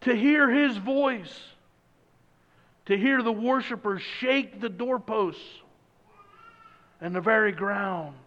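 A man preaching a sermon, moving from loud emphatic lines to hushed, low passages. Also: slow pace, pauses often, in a large hall, muffled recording. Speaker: pastor.

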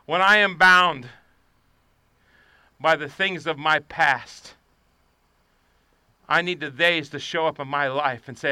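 A man preaches with a high, strikingly bright and crisp voice, recorded dry and close. He climbs to shouted, fervent peaks, then drops into low, quiet confiding. His style is a full sermon. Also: slow pace, pauses often, no echo. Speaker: pastor.

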